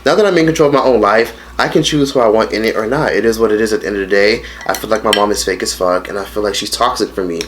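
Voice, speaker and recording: A man's voice: fairly low pitch, fast, hardly any pauses, a little hiss or hum. A man in his late teens telling a story in a casual mukbang vlog, blunt and profane, rambling with lots of fillers. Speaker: vlogger.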